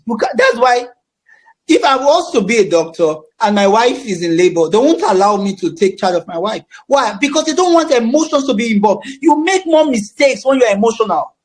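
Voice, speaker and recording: A Nigerian man facilitating a counseling course, speaking emphatically with a projecting voice and often repeating his phrases. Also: very high voice. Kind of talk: teaching a class.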